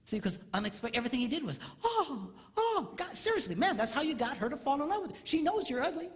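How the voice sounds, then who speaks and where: A man giving a comedic seminar talk on marriage, animated and mimicking squealing women in falsetto. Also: rapid-fire, slight background noise. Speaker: comedic relationship speaker. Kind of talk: stand-up style seminar talk. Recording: live hall, faint ambience.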